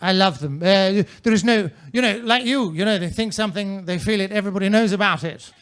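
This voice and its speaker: Man, stand-up comedian, high bright voice, mannered droll delivery, comedy club stage, handheld mic. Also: fairly quick, smooth.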